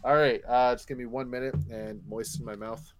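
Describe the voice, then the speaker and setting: A man's voice: mid-range voice, steady tone, brisk, slight background noise. Playful swearing man chatting about comics. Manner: playful, swears, laughs often. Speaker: podcast co-host. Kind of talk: casual comic book chat.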